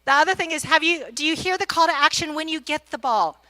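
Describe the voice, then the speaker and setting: A middle-aged woman gives a motivational talk on a conference stage, speaking straight to the audience as an executive coach. Her voice is high and bright, and she acts out the quotes in her stories with plenty of energy. The sound is dry and close. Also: lively intonation, fast, no room sound.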